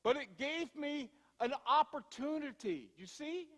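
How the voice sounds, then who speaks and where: A male pastor with a very high voice delivers a sermon, ringing with the long reverb of a church hall. He talks conversationally, slowing for emphasis and hurrying through asides. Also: lively intonation, fairly bright tone. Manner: conversational storytelling, shifting from slow emphasis to quick asides. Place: church sanctuary.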